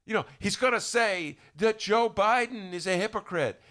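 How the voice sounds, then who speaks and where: A man's voice: high-pitched, normal speed, a bit bright. A man giving an indignant, stumbling political rant on a talk podcast, recorded at a studio microphone. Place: radio-style studio.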